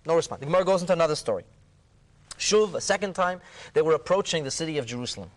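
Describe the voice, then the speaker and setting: A man, a rabbi, retelling a Talmud story in a dramatic way, going from hushed to exclaiming and using Hebrew terms. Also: fairly high pitch, expressive, very fast. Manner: peppers speech with Hebrew and Aramaic terms. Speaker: rabbi leading a Talmud discussion.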